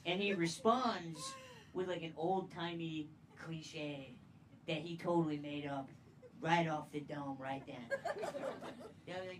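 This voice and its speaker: A woman doing a stand-up comedy set, playful and crude, often jumping into loud impressions. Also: sits low, slow. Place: comedy club stage. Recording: distant mic, loud crowd and noise.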